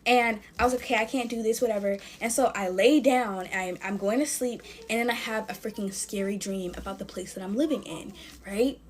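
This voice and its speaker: A woman's voice: medium pitch, moderate pace, hardly any pauses. A woman chatting straight to her viewers, telling a scary story while she makes slime. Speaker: storytime vlogger.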